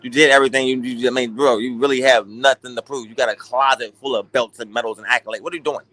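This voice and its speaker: A young man hosting a boxing talk stream, ranting in an animated, profane, casual way. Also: medium pitch, fast, no echo. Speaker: boxing talk show host. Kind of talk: casual livestream rant.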